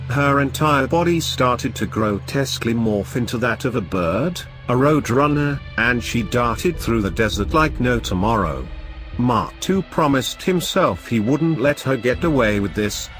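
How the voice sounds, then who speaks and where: A man narrating scripted horror stories in a dramatic, measured way. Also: mid-range voice, fairly bright tone.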